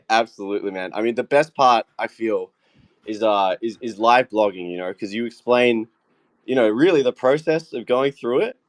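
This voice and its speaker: An Australian man and AI agent developer chatting excitedly on a group call, swearing freely and laughing often. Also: medium pitch, moderate pace.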